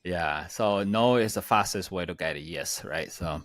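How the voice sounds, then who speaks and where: Guest: man, Chinese accent, lowish voice, dry close sound, upbeat with frequent laughs and fillers. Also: a little slow, a bit bright, dry recording. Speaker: guest, land investor. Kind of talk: casual interview chat. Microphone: plugged-in setup.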